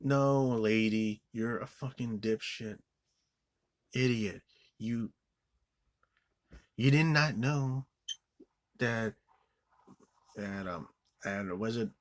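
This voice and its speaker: A man's voice: mid-range voice, slow pace, pauses often. A man giving an angry, profane movie review rant, rambling with many restarts and fillers. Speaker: film reviewer.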